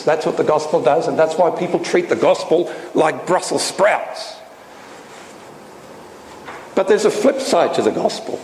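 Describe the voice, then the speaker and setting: A man's voice: animated, measured pace, pauses often, darkish tone. Emphatic male preacher in an echoey hall. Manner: emphatic, rhetorical questions, pitch swinging up and down. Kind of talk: sermon. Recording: echoey hall with faint noise.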